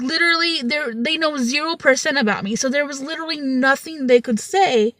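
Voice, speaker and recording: Loud, energetic woman in her twenties. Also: high-pitched, dry recording. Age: 20s. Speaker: vlogger. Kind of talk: storytime vlog.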